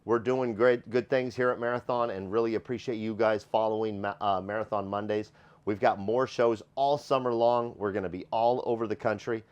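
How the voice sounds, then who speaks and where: A man with a low, deep voice gives a casual walkthrough from inside a motorhome. He sounds upbeat and enthusiastic and repeats his praise as he goes, in the relaxed manner of a show host. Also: moderate pace, clear, resonant tone, highs cut off. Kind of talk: casual walkthrough tour presentation.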